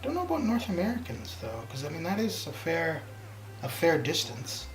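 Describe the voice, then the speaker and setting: A man's voice: a little high, wildly swooping pitch, moderate pace. A man streaming a game, chatting casually and telling stories in a rambling, chatty way with many restarts. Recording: roomy with background music. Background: stream background music.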